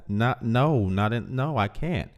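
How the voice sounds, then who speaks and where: A man's voice: medium pitch, animated, slow. A man hosting a live call-in show, talking bluntly and with emphasis to his audience. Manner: blunt, emphatic, addresses chat directly. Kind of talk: casual commentary.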